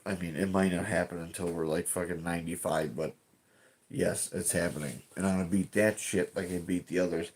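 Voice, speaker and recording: A man's voice: deep voice, fairly even intonation, a little fast, slightly rough. A man streaming from home, chatting casually and rambling, swearing often and restarting his sentences. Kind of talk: casual live-stream chat.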